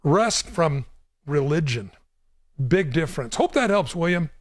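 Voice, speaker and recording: A man's voice: a little high, sing-song, measured pace, dry recording. A man hosting a call-in Bible show as a pastor, speaking emphatically and repeating words to drive a point home. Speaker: pastor and radio show host. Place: radio studio.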